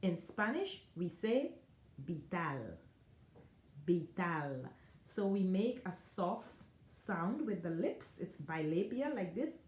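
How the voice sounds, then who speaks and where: A woman who teaches Spanish, giving a careful online lesson and repeating each word slowly for the learner. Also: medium pitch, animated, a little mellow, reverberant. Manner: slow, careful, encouraging, repeats words.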